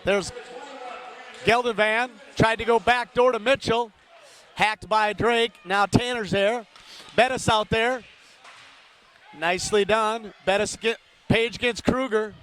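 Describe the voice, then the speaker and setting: Male play-by-play hockey announcer, very high voice, rapid name calls, chatty asides to listeners. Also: steady tone, clear, resonant tone. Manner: rapid-fire calls of player names, rising to shouts on big plays. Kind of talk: live play-by-play commentary.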